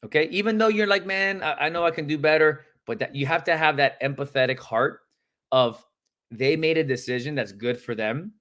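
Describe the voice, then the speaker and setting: Brisk and fairly high-voiced, a man delivers live coaching to real estate agents. He acts out phone calls with animated emphasis and calls viewers out by name.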